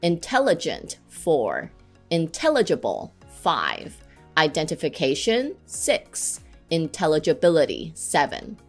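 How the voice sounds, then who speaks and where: A woman giving scripted instruction on English pronunciation, saying example words slowly and clearly to model them. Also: sits low, wildly swooping pitch, faint music behind.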